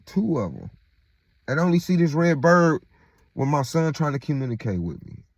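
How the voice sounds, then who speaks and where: A man's voice: on the high side, sing-song, normal speed, no echo, lo-fi sound. A man venting in a casual monologue, rambling and profane, repeating himself and restarting often, and checking in with "right?" after almost every point. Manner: rambling and profane, with constant "right?" and "you get what I'm saying?" check-ins.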